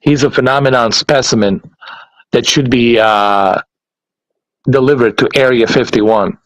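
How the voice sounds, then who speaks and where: A man's voice: mid-range voice, measured pace, no room sound, poor audio. Blunt, profane man ranting on a podcast. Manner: heavy swearing, blunt and exasperated, laughs often. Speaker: podcast host. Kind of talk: casual podcast rant.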